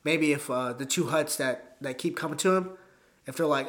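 A man with a slightly higher-pitched voice, chatting casually on a podcast. He retells scenes in an animated, profane way, slipping into quick quoted voices. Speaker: podcast co-host. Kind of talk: casual chat.

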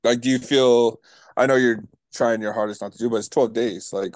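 A man's voice: mid-range voice, steady tone, normal speed, a little mellow, no room sound. A man co-hosting a casual podcast, laughing and asking teasing questions. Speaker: podcast co-host. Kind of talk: casual chat.

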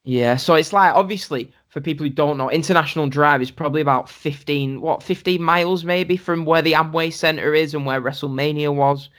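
A man's voice: on the high side, brisk, hardly any pauses, fairly bright tone. A man co-hosting a casual podcast chat, steering the talk between topics. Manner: chatty, steers the conversation. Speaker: podcast co-host.

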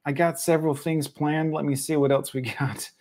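Profane streamer man, blunt and higher. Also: steady tone, moderate pace, darkish tone. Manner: blunt, profane, reacting to a clip. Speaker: live stream host. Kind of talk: casual live stream commentary.

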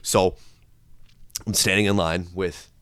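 Bright-voiced, profane storytelling man. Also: sits low, takes it slowly, clean tone, no echo, clean studio sound. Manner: profane, animated storyteller, bursts into loud rants. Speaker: podcast host. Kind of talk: casual storytelling chat.

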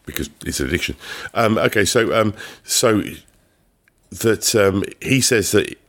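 A man co-hosting a podcast, recapping a TV episode in casual chat, rambling with many pauses and restarts. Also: lowish voice, lively intonation, fairly bright tone. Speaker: podcast co-host.

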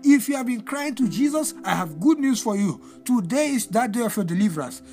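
A man's voice: very high voice, expressive, brisk, darkish tone, faint music behind. A male pastor delivering a fervent deliverance sermon, repeating phrases in a sing-song preaching cadence.

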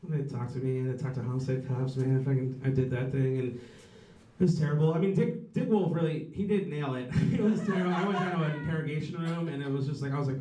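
A man doing a rambling, profane stand-up set with dark jokes. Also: a little high, fairly even intonation, fairly quick, echoey room, far from the mic, poor audio. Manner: rambling, profane, darkly joking. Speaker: stand-up comedian.

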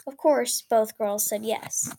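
A woman reading a story aloud in an expressive, dramatic way. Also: on the high side, slow, very noisy.

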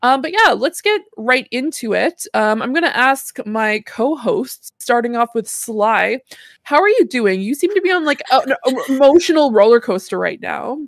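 A woman's voice: a little high, animated, moderate pace, no echo, studio quality. A woman hosting a casual podcast, chatty and full of fillers, often laughing. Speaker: podcast host.

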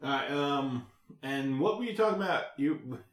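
A man's voice: medium pitch, expressive, moderate pace. A man hosting a casual podcast, joking around and steering the talk back on track. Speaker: podcast host. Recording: echoey room.

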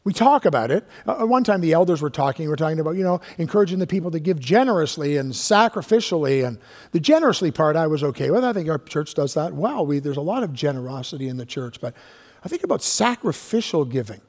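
A man's voice: on the high side, very animated. Preaching man in a reverberant church. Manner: emphatic preaching, drawn-out key words, drops to hushed tones. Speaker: pastor. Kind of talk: sermon. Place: church sanctuary. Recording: long reverb of a church hall.

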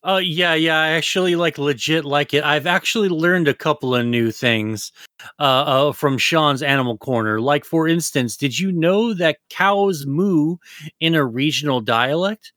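Rambling, profane man with a slightly high voice. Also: normal speed, sharp tone, dry recording, studio quality. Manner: rambling, profane, loose and jokey. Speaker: podcast co-host. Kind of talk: casual podcast chat.

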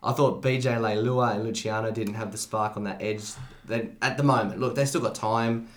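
A man, co-hosting a podcast in casual sports chat, blunt and animated. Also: fairly low pitch, moderate pace. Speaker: podcast co-host. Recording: roomy studio echo.

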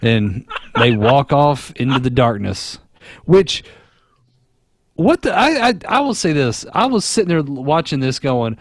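A man co-hosting a casual podcast, retelling a movie in a rambling, profane, animated way. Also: mid-range voice, unhurried, dry recording. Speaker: podcast co-host.

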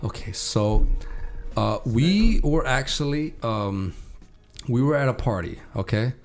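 A man's voice: medium pitch, lively intonation, takes it slowly, soft background music. Profane young man rambling with friends. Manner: profane, rambling, loud bursts. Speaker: podcast host. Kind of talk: casual chat among friends.

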